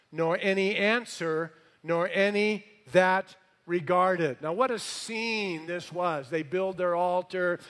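Animated, sarcastic middle-aged male preacher. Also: high-pitched. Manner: animated storytelling with sarcastic humor; dramatic scripture reading. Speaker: pastor. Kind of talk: sermon.

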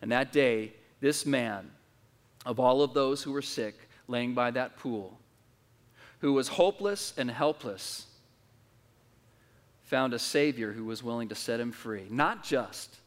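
Male pastor, earnest sermon storyteller, mid-pitched voice, live church with long reverb. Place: church service.

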